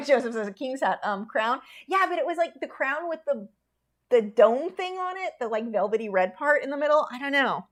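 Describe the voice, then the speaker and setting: A woman's voice: sits high, lively intonation, normal speed. A woman artist chatting casually and opinionatedly with viewers while she paints, laughing often. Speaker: artist streamer.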